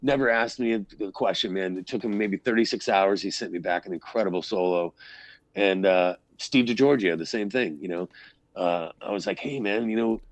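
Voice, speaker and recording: This low-voiced band frontman talks at a moderate pace in a casual interview, with no room sound in the recording. He rambles through his stories, swears freely, and acts out the quotes.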